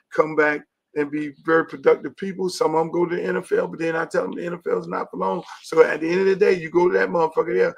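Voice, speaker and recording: A man hosting a show, ranting about football with loud, profane, emphatic repetition. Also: on the high side, creaky. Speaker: talk show host; high school football coach. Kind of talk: profane sports rant.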